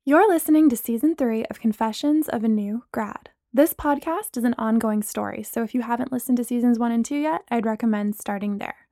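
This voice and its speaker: Young woman narrating her story, higher voice. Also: fairly quick, no room sound, studio quality. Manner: expressive, storytelling. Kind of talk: first-person audiobook narration.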